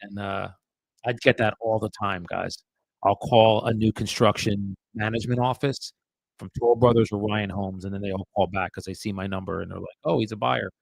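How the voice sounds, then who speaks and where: Cold calling live on stream, the real estate agent narrates his phone calls for viewers in a low, gravelly voice, chatty and casual, frequently muttering under his breath. Delivery is flat at a moderate pace, and the sound is close and dry with no echo or room around it.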